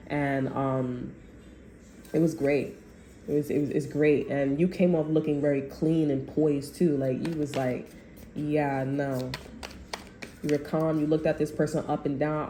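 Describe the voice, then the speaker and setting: A woman's voice: low voice, dark tone, slight background noise. A woman giving a casual tarot reading, rambling and profane, with slangy talk and bursts of laughter. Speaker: tarot reader. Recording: echoey room.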